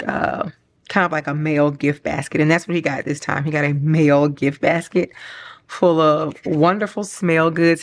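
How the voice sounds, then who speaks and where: A middle-aged woman chatting casually and rambling while she decorates her planner, laughing often and getting choked up. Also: low-pitched. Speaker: planner vlogger.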